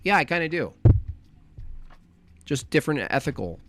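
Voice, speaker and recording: Blunt, gravelly-voiced man ranting. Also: fairly high pitch, sing-song, moderate pace, fairly bright tone, slight background noise. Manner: blunt, emphatic, repetitive. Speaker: comedic streamer host. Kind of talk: casual comedic livestream rant.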